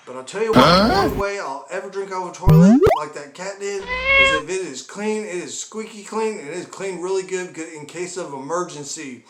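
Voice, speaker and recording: A man's voice: high voice, sing-song, brisk, few pauses. Rambling, chuckling man telling pet stories. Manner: rambling, chuckling, exaggerated asides. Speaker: comedy vlogger. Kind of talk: rambling comic storytelling. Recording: echoey room with background noise.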